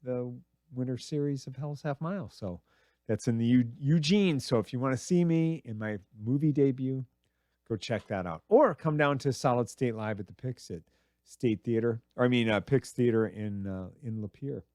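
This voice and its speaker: A man's voice: mid-range voice, moderate pace, darkish tone, no room sound, clean studio sound. A middle-aged man hosting a radio show, rambling through crude, self-mocking comedy. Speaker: radio host. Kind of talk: casual comedic monologue.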